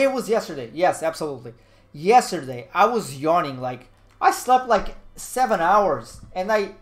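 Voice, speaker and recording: A man's voice: high-pitched, fairly bright tone. Laid-back rambling male streamer. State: slightly nasal from a fading cold. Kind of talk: casual live-stream chat.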